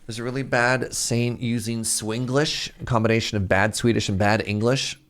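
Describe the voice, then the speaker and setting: A man's voice: lowish voice, fairly even intonation, normal speed, creaky. A man streaming a game, chatting casually, reading chat messages aloud and reacting to them. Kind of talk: casual livestream chat while playing.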